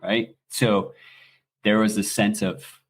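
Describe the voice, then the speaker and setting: This American man in his forties sounds like he's a guest on a podcast, telling casual, animated stories in a somewhat low voice and cursing without hesitation. He speaks slowly, and there's a little hiss or hum in the recording.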